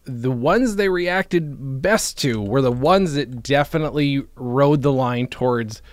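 A man's voice: medium pitch, unhurried, dry recording. A man, chatting casually as a podcast co-host and rambling through stories with careful self-qualifications. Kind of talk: casual chat.

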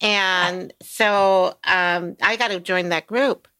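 An older woman hosting a podcast interview, enthusiastic and quick to exclaim as she talks. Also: lowish voice, fairly even intonation, bright, forceful tone, clear, resonant tone. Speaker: podcast host. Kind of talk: casual interview.

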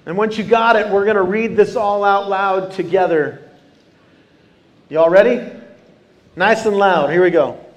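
High-voiced pastor preaching. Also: male voice, unhurried, pauses often. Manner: animated, engaging the congregation with questions. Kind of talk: sermon. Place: church sanctuary.

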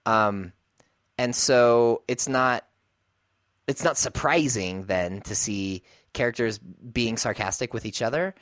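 A man's voice: medium pitch, slow pace, fairly bright tone, dry recording. A man co-hosting a podcast, talking things through thoughtfully and often laughing as he searches for words. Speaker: podcast co-host. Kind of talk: casual chat.

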